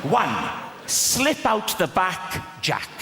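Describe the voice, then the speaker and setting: A man's voice: high-pitched, huge pitch swings, takes it slowly, very noisy. A man doing stand-up comedy in a large theatre, playfully teasing the audience. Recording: echoey theatre hall with loud crowd.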